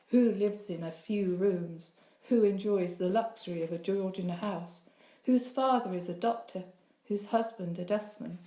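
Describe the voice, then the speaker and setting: A woman narrating a novel as an audiobook, lifting her voice for the dialogue. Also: warm tone. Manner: reads the dialogue with a lifted, higher voice. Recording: roomy echo.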